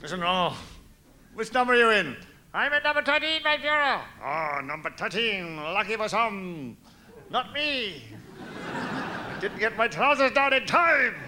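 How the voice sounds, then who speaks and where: A man's voice: sits high, big pitch swings, measured pace, bright, forceful tone, full character voice. A man voicing a pompous, blustering German dictator with a thick put-on German accent in a stand-up sketch. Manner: thick mock German accent, barking and comic. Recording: noisy live recording.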